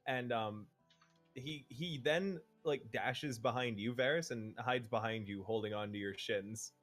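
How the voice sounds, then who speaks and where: A man's voice: mid-range voice, unhurried, a bit bright, soft background music. A man running a tabletop game as game master, narrating with playful energy and frequent laughs.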